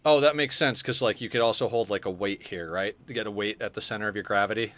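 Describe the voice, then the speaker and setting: A man's voice: lowish voice, fast talker, a bit bright. A man streaming a game live, chatting casually and answering his viewers as he plays. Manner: chatty, answers viewer chat while playing.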